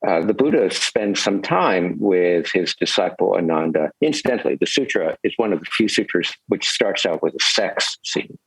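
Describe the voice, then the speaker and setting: A man's voice: low voice, lively intonation, normal speed, hardly any pauses, slightly rough, dry recording, rough recording. An older man, a Zen teacher, telling stories as a podcast guest in a rambling, reflective way with chuckles. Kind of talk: storytelling in a podcast interview.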